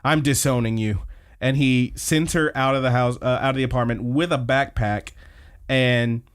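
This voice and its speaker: A man of middle pitch talking loosely on a podcast, recapping scenes in a relaxed, rambling way. He swears freely and drops into brief quoted lines as he tells the story. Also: normal speed, smooth. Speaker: podcast co-host. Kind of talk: casual anime recap chat.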